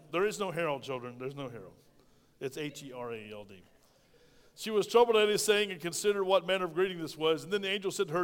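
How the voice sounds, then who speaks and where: A man preaching a sermon as pastor in a church, throwing in call-and-response asides and swinging between loud bursts and quiet remarks. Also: fairly high pitch, clean tone. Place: church sanctuary. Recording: long reverb of a large hall.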